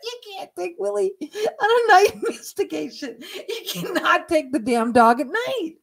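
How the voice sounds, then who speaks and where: A woman vlogging about a night ghost hunt, talking casually with lots of swearing and laughter, sometimes dropping to a hushed whisper. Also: very high voice, moderate pace, creaky. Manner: profane, laughing, excitable storytelling. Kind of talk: casual vlog narration.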